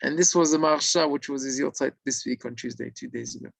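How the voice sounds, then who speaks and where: A man telling a religious story in sermon style, animated and acting out the figures. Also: mid-range voice, fast, gravelly, no echo, poor audio. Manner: animated, acts out the figures, mixes in Hebrew terms.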